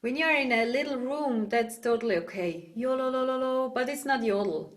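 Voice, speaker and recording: A woman with a Swiss German accent teaching yodel online, explaining in halting English and breaking into loud calls and dog barks. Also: fairly high pitch. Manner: halting, searches for words. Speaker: yodel instructor. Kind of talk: online singing lesson. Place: home, video call.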